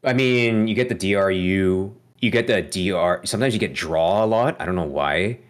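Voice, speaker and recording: A man's voice: deep voice, normal speed. A man hosting a podcast, asking playful questions and laughing often in a casual chat. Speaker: podcast host.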